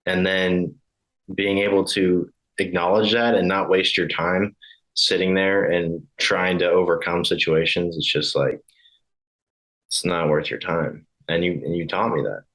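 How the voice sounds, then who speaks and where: A man's voice: sits low, steady tone, measured pace, fairly bright tone, poor audio. A man of about twenty, a new insurance agent, telling a story casually with many fillers and hesitations. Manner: hesitant, many fillers, laughs between phrases.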